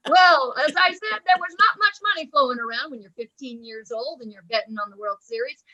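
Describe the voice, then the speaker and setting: A woman's voice: sits high, a little fast, sharp tone. A woman in her sixties from Oklahoma telling a personal story over a video call, chatty and enthusiastic. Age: 60s. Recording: muffled video call audio.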